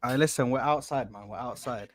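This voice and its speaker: A man's voice: medium pitch, fairly quick. A male panelist who banters playfully and defends himself against teasing. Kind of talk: casual panel chat.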